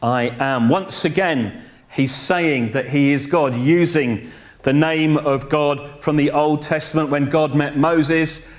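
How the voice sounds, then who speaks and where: Slow, deliberate male preacher. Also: a little high, fairly even intonation. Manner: slow, deliberate delivery with self-corrections and light humor. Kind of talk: sermon.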